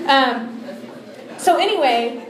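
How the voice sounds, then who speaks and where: A young woman retelling a Bible story in a casual, animated sermon. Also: sits high, slow pace. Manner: chatty, animated, acts out the story's voices. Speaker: preacher. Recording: echoey room, faint ambience.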